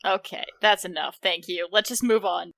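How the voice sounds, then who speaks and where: A woman playing a tabletop game who asks quick, quizzical questions. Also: medium pitch, steady tone, vocal fry, fairly bright tone, no room sound. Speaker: player. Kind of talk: tabletop role-play.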